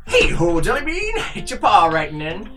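A man's voice: high voice, wildly swooping pitch, normal speed, music in the background, voice pushed up. A man doing a cheerful doting old grandpa.

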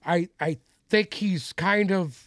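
A man with a high, light voice argues his sports opinions bluntly, repeating his opening words as he gets started. He is recorded up close in a dry space with no echo. His manner is casual and stubborn. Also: slow pace, a bit bright. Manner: opinionated, stammers restarts, blunt. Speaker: sports podcast co-host.

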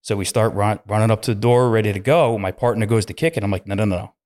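A police detective and podcast guest, telling a story in casual chat and acting out the voices of the people in it. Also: male voice, fairly low pitch, fast talker. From United States. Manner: animated storyteller, acts out voices with sudden loud jumps.

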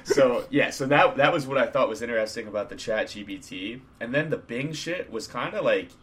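A man's voice: medium pitch, animated, a little fast, fairly bright tone. A man co-hosting a casual podcast chat, laid-back and swearing freely as he retells stories. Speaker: podcast co-host.

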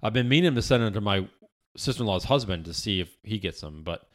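A man's voice: fairly low pitch, animated, fast talker. A man hosting a podcast in casual chat, rambling with frequent restarts and casual swearing, recorded in an office. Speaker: podcast host.

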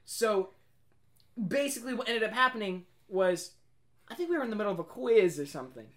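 Animated young woman telling a story. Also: medium pitch, a little fast. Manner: profane, laughing, swings between hushed and loud. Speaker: podcast co-host. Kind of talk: casual chat storytelling.

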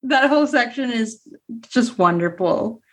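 A woman co-hosting a casual film discussion, relaxed, often chiming in with short agreement. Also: fairly high pitch, a little slow. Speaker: podcast co-host.

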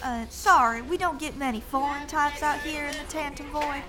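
A woman playing an overly polite, clueless fast-food cashier with a chirpy, apologetic service voice. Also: sits high, steady tone, heavy background noise, close to an everyday voice. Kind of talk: audio drama acting.

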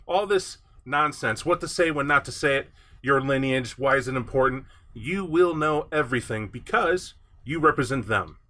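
A man talking casually on a podcast, animated and slipping into mocking voices. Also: mid-range voice. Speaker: podcast co-host discussing a tabletop game.

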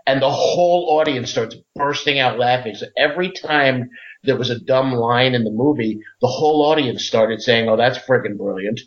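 A man's voice: mid-range voice, moderate pace. A man guesting on a podcast, telling rambling, enthusiastic stories with lots of fillers and restarts. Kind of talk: casual interview chat. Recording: dull lo-fi audio.

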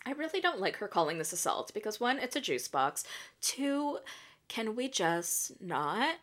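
A woman's voice: medium pitch, sing-song, measured pace, fairly bright tone. A woman hosting a podcast and recapping reality TV in casual chat. She talks in a chatty way, laughs often and swears freely. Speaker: podcast host.

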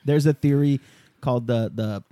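Cussing podcast guy, laughs a lot, mellow tone. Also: mid-range voice, normal speed, slight background noise. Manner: loose, profane, laughs often. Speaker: podcast co-host. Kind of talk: casual chat.

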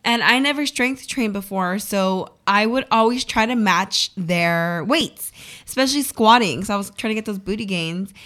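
A woman's voice: mid-range voice, normal speed. Chatty woman radio co-host. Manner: chatty, animated storytelling with many fillers. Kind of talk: casual chat. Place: radio studio.

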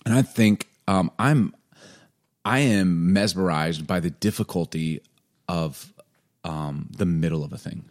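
A man in his forties from Chicago, co-hosting a casual podcast. His voice sits on the low side, and he thinks out loud in repeated, rolling phrases. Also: unhurried. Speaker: podcast co-host.

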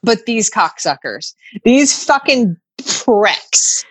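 A woman's voice: a little high, slow, slightly rough, no room sound. Ranting, foul-mouthed woman podcast host. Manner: ranting, animated, swears a lot. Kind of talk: casual chat.

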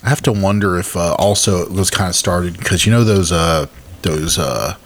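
A man's voice: deep voice, moderate pace, slight background noise. A young man co-hosting a casual podcast, rambling and hesitant, with many fillers. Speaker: podcast co-host.

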